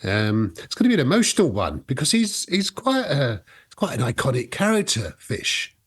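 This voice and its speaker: A man co-hosting a rock music podcast in a casual chat, lively and quick to rise in pitch when asking questions. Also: husky. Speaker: podcast co-host.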